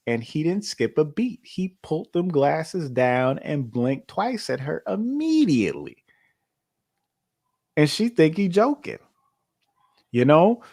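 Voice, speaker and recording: A man co-hosting a casual podcast at a middle pitch. He talks in a loose, conversational way and keeps circling back with fillers and restarts as he thinks aloud. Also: darkish tone. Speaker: podcast co-host. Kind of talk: casual chat.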